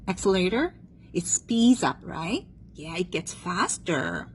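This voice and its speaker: A woman's voice: medium pitch, a little hiss or hum, rough recording. A woman teaching a one-on-one music theory lesson, patient and checking understanding often, having the student repeat terms after her.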